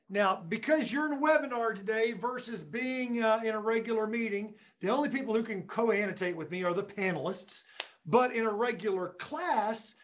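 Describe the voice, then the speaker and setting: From his classroom, an enthusiastic edtech presenter with a fairly high voice runs a webinar demonstration, cracking jokes and talking directly to the audience. Because conference mics across the room capture him from a distance, the sound is roomy and echoey.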